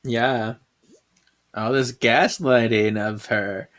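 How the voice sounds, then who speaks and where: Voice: medium pitch, steady tone, slow pace, fairly bright tone. A podcast co-host in casual chat, recapping a comic and often laughing. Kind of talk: casual chat, reading manga aloud.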